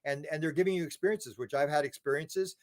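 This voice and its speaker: A man's voice: fairly high pitch, fast. A man being interviewed, telling long rambling stories, repeating words and acting out quotes. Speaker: interview guest. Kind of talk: casual interview talk.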